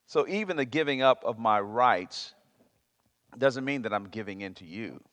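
A man's voice: medium pitch, normal speed. A man preaching a sermon, emphatic and prone to repeating himself as he searches for words. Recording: long reverb of a large hall.

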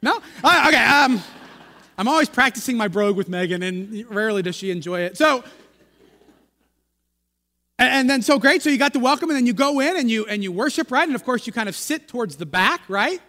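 A high-pitched, bright American male pastor tells a rambling, self-deprecating story from the pulpit. He stops often to toss asides to the congregation. The voice rings out through a long church-hall reverb. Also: animated, a little fast. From United States. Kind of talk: sermon storytelling. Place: church sanctuary.

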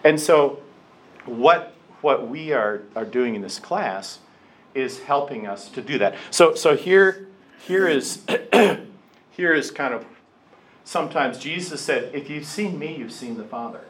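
An older man teaching a Bible class in a lively storytelling way, acting out voices in his quotes. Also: a little high, a little slow, low-quality recording.

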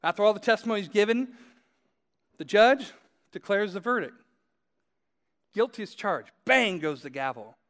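High-voiced man preaching a sermon. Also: animated, moderate pace, pauses often, a bit bright. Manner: conversational storytelling, addressing listeners directly; repeats phrases for emphasis. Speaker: pastor.

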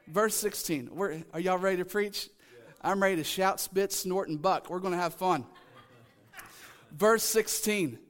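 Man, pastor, emphatic sermon, high-pitched, repeats key lines, calls on the congregation. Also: a little slow, fairly bright tone.

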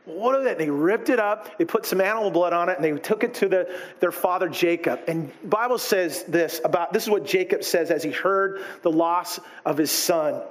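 A man with a high, light voice delivers a sermon. He preaches with animation and slips into little acted voices for the people in his story. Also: moderate pace, hardly any pauses. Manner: animated, acts out quoted characters. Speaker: pastor.

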